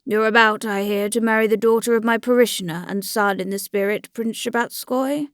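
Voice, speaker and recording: A woman's voice: on the high side, steady tone, a little fast, no room sound, studio quality, close to an everyday voice. A woman reading the part of a weary, good-natured old priest who rattles off churchly phrases in a rote rush. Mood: hurried, patient.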